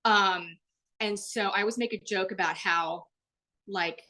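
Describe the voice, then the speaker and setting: Animated, chatty woman presenter. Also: a little slow. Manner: animated, acts out quoted voices with big pitch jumps; chatty, frequent "like" and "um". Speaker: webinar presenter. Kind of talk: live online workshop talk. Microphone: video call.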